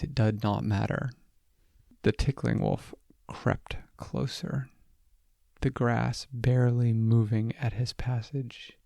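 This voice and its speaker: A man hosting and narrating bedtime stories for children in a gentle, unhurried way. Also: medium pitch, vocal fry, no echo, studio quality. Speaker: host and storyteller.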